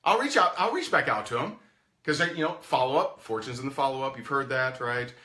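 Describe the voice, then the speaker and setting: A man's voice: mid-range voice, expressive, fairly quick, bright, forceful tone. A man coaching network marketers, talking animatedly and acting out phone calls in goofy voices. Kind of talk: sales coaching talk.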